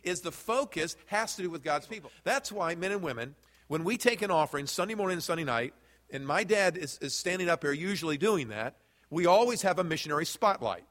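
A man with a high-pitched voice preaches a sermon from the pulpit, speaking straight to his congregation and asking them questions. His voice rings with a long reverb through the church sanctuary. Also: lively intonation, a little fast, a bit bright. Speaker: pastor.

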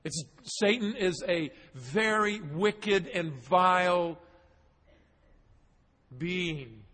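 A man's voice: fairly high pitch, fairly bright tone. A man preaching a verse-by-verse sermon, stressing points through repetition. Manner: expository preaching, emphatic repetition. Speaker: pastor. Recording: long hall reverb.

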